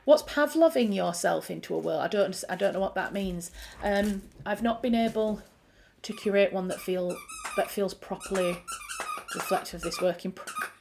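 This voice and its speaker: A woman's voice: medium pitch, wildly swooping pitch, normal speed, gravelly, darkish tone, slight background noise. Woman, Yorkshire accent, easygoing livestream host who chats off the cuff and calls herself chaotic, mid-range voice. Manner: chatty, self-described chaotic, answers chat messages. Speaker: writer hosting a writing livestream. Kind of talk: casual livestream chat. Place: at home with her dog.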